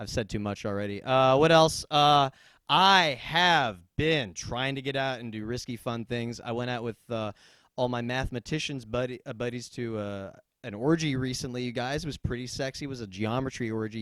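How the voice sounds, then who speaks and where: A young man performing a stand-up comedy set, dropping into deadpan asides and bursting into loud yells. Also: mid-range voice, clean tone, no echo.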